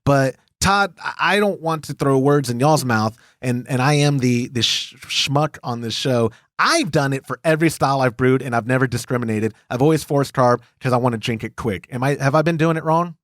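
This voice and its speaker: A man's voice: mid-range voice, normal speed, few pauses, dry recording, studio quality. A man from Texas with a Texan accent, hosting a casual homebrew podcast, joking and reading listener emails aloud. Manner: lively, jokey, reads listener emails aloud. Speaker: podcast host.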